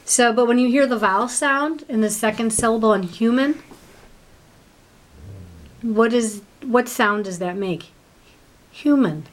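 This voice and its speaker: A woman's voice: a little high, a little slow, pauses often. Brief: woman teacher, patient, one-on-one tutoring, prompts with questions. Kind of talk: one-on-one reading lesson.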